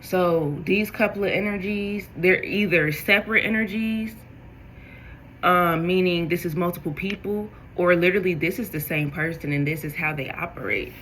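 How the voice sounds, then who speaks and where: A woman giving a spiritual tarot reading, talking straight to her viewers in an animated way. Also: fairly low pitch, moderate pace, slight background noise, poor audio. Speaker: tarot reader.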